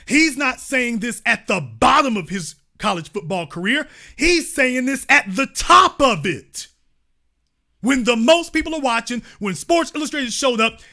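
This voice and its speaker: A man's voice: very high voice, bright, forceful tone. A man hosting a commentary show, reading an article aloud and reacting to it in a preachy, fired-up way.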